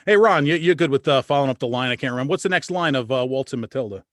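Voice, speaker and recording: A tired man co-hosting a live-stream show from a small booth, loud, profane and joking. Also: mid-range voice, lively intonation, racing, no echo. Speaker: podcast co-host. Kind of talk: casual live-stream chat. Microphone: studio mic in a small booth.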